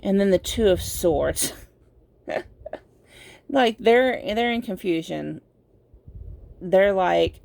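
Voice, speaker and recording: Slow, gravelly-voiced woman tarot reader. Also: medium pitch, a little mellow. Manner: slow, meandering, with many fillers and laughs. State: sleepy, yawning. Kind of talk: casual pick-a-card tarot reading.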